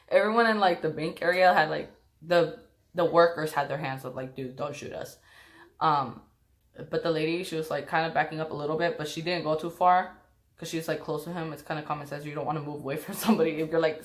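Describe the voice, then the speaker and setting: Low-voiced young woman rambling through a story. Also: fairly bright tone. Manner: rambling with many fillers and restarts. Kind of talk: casual storytime vlog.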